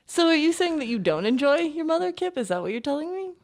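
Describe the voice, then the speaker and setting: A woman voicing a cruel, smooth-talking noble lady villain in a tabletop role-play, falsely sweet and taunting. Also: sits high, sing-song, quick pace, darkish tone, voice pushed up. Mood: menacing sweet. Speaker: tabletop game player.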